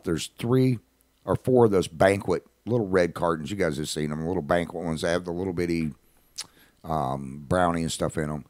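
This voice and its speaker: A middle-aged man, a radio host, telling a personal anecdote in a blunt, animated, indignant manner. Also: low voice, dry recording, studio quality. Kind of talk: casual spoken anecdote.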